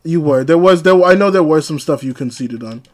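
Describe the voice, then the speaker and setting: A young man co-hosting a casual podcast, with a markedly high voice for a man. He is exasperated and swears often, stumbling over his words and repeating phrases as he argues. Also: animated, a little fast. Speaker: podcast co-host. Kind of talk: casual argumentative chat.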